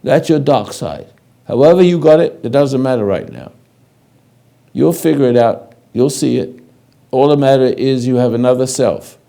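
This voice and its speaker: An older man giving a slow, halting spiritual lecture, speaking directly to a listener in a commanding way. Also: mid-range voice, lively intonation, gravelly, dark tone. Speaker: spiritual teacher.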